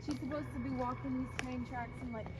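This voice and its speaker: A young woman hosting a casual ghost-hunting vlog outdoors by train tracks, joking and crude, loudly calling into the dark. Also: high-pitched, fairly even intonation, a little fast, heavy background noise. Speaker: host.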